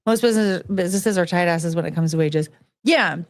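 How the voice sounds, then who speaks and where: A woman's voice: fairly low pitch, fairly quick, dry recording. A woman hosting a podcast, telling stories in a rambling, frank way with lots of fillers and restarts. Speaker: podcast host. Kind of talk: casual monologue about past jobs.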